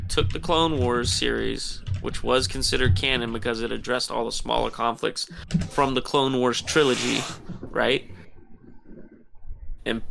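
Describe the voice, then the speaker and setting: A man's voice: medium pitch, vocal fry, sharp tone. A man co-hosting a podcast, talking in a heated, profane rant. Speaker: podcast co-host. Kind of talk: casual podcast chat.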